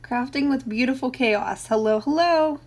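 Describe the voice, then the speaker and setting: A woman's voice: high voice, normal speed. A middle-aged woman hosting a casual craft live stream, greeting viewers by name and laughing often between remarks.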